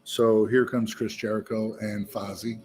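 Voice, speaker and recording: A man's voice: fairly low pitch, level tone, unhurried, a little mellow, slight background noise. A man, a musician guest, tells a long story with energy and profanity at an indoor bar, acting out the voices of the people in it. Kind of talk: animated storytelling.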